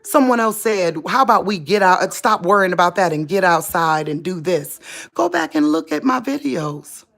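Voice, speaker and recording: A woman's voice: fairly low pitch, expressive, moderate pace, vocal fry, fairly bright tone. A woman giving an unscripted spiritual monologue to her viewers in an impassioned, preachy way, speaking straight to them. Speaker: religious vlogger.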